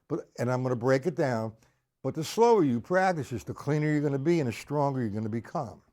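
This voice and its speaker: A man's voice: mid-range voice, lively intonation, a little fast, darkish tone. A man teaching drums on a live stream, chatting casually and counting beats aloud. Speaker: drum teacher. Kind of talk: live-streamed drum lesson.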